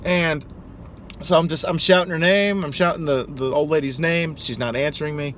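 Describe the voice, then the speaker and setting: A young man, a pizza delivery driver, telling funny work stories in an animated, chatty way, casually cussing. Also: fairly high pitch, normal speed, slight background noise. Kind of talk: casual storytelling to camera.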